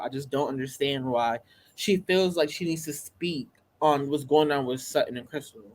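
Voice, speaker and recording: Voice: mid-range voice, moderate pace. A co-host on a casual reality TV recap podcast, blunt and opinionated, swearing freely.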